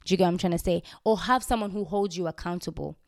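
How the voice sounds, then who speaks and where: Earnest woman with a low, dry voice. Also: fast, dry recording. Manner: earnest, repeats herself, keeps asking "do you get what I'm trying to say?". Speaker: podcast host answering listener questions. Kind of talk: casual faith talk.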